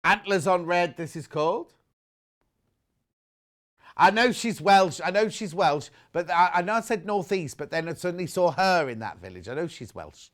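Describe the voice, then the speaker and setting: A man's voice: sits high, expressive, moderate pace. A man presenting fabrics on a live shopping channel, chatting and joking casually and reading out viewer messages. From United Kingdom. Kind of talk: casual live sales chat.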